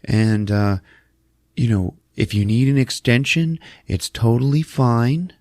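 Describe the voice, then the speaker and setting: A man's voice: medium pitch, lively intonation, slow, darkish tone, no room sound, studio quality, voice pushed up. A man voicing a polite, overly careful gallery caller on the phone.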